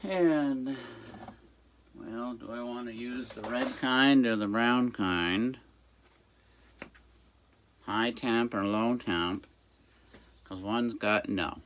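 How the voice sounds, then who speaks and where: A man's voice: medium pitch, extremely slow, long pauses, a bit bright, a little hiss or hum. A man who runs a small engine repair shop, giving a casual, rambling how-to with jokey asides while he works at his bench. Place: workshop by a busy road.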